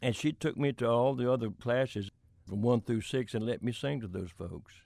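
Chuckling through folksy career anecdotes, an older Florida man who is a country singer-songwriter guest tells his stories in an interview. He has a creaky, darkish, mid-range voice at a moderate pace, with no echo.

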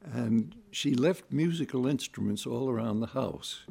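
A man telling family stories in a relaxed, folksy way, acting out voices and sounds as he goes. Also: mid-range voice, measured pace, gravelly, breathy edge. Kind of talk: relaxed anecdotal storytelling.

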